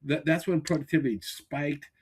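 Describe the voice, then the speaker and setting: A man hosting a casual podcast over a remote call, talking in an energetic coaching tone with many restarts. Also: fairly high pitch, normal speed, slightly rough. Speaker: podcast host. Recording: glitchy remote call audio.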